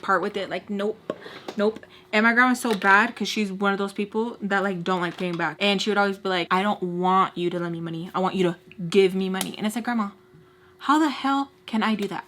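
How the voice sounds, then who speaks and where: Woman, 30s, vlogger, chatty storytime voice, mid pitch, talks to the camera at home. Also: a little hiss or hum. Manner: chatty, animated, heavy use of "like". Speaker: beauty vlogger. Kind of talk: storytime while doing makeup.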